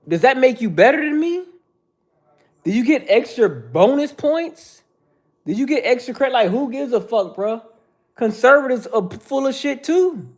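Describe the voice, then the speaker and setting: A man hosting a casual livestream, answering viewer chat in a mocking, profane, confrontational way. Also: extremely high pitch.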